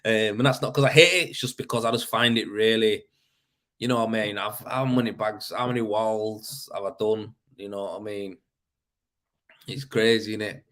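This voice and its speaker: A Leeds man with a West Yorkshire accent hosts a casual livestream, reading out comments. His voice is on the low side and a bit bright, and he rambles, laughs often, and keeps saying "you know what I mean."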